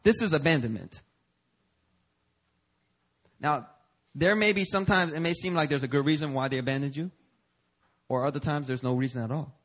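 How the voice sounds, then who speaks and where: A Korean pastor delivers a lively, conversational sermon, moving between loud, emphatic lines and soft asides and sometimes laughing through personal stories. His voice is a little high and he speaks quickly.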